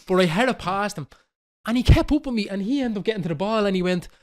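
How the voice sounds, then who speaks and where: A man in his thirties with a Dublin Irish accent, telling a football story in casual chat on a podcast, animated and swearing freely. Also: sits high, fast. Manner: animated, swearing, quoting others. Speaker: podcast host.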